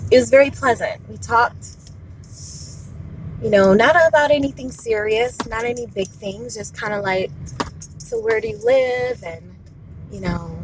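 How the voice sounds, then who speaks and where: A woman in her thirties tells a personal story straight to camera, candid and expressive, doubling up words for emphasis. Her voice sits at an ordinary middle pitch, with a faint noise behind her. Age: 30s. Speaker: vlogger.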